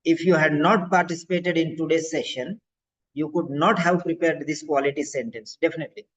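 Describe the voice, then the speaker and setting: A man's voice: a little high, steady tone, a little fast, slightly rough. A male language teacher who encourages and corrects students' sentences during an online exam-prep class. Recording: dull lo-fi audio.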